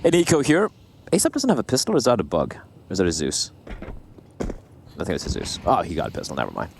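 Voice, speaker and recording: A man giving analysis in a live esports broadcast, lively and given to playful banter. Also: low-pitched, fast talker, vocal fry, a little hiss or hum. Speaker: esports color commentator.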